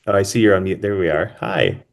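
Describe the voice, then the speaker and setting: Man, moderator, very low voice, polite, video call. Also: sing-song, fairly quick, vocal fry. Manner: polite, stumbling over names. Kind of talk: video call panel hosting.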